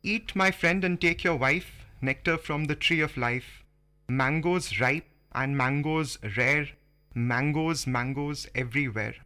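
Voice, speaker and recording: A courteous male monkey, as a man reads him aloud. The verse is delivered slowly and evenly, in a bright, fairly high voice. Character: trusting, polite male monkey. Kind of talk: slow poetry reading.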